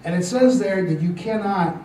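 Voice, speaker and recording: An older man telling a story to a congregation, halting with many fillers and restarts and a gently amused tone. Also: high-pitched, recorded from a distance, slight background noise. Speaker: church speaker telling a testimony. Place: church hall. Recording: roomy church recording from off-mic with faint ambience.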